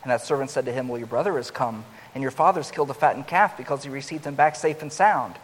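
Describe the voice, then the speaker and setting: A man preaching a sermon, growing louder and higher as he acts out the older son's complaint. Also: quick pace. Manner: rises loud and high when acting out the older son's complaint. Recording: long hall reverb with faint hiss.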